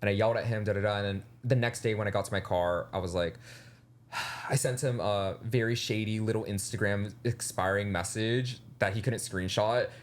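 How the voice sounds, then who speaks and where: A man chatting as a podcast guest, blunt and animated, swearing freely and laughing often as he tells stories. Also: fairly low pitch, moderate pace, a little hiss or hum. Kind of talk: casual chat. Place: podcast studio.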